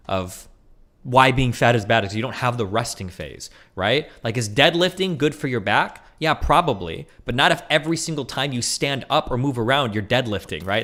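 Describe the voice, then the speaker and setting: A man streaming fast, heated commentary, arguing and swearing, with frequent "right?" and "okay?" tags. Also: medium pitch, pushed and bright. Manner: argumentative, profane, rhetorical "right?" tags. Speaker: streamer debating online.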